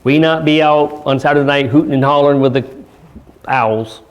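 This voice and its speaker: A man pastor giving a church sermon, speaking earnestly with pauses and reading scripture aloud. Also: fairly high pitch, lo-fi sound. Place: church service.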